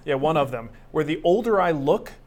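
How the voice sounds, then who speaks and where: Middle-aged guy cohosting a woodworking stream, slightly higher voice, jokey and chatty. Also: animated, fairly quick, a little mellow. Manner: joking, chatty, self-mocking. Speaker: co-host of a woodworking live show. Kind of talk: casual live-stream banter.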